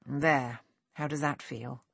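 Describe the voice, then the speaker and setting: A woman's voice: rumbling low, steady tone, takes it slowly, creaky, a bit bright, slightly rough, no room sound, heavily acted. A woman voicing a kind, assured young male lord who speaks formally and courteously, in an audiobook. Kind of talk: audiobook character voice.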